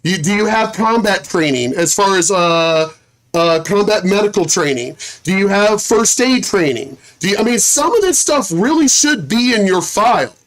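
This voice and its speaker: Middle-aged man, high voice, streamer spinning a profane story, keeps circling back. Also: normal speed. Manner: animated, profane, repeats himself. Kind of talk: casual livestream storytelling.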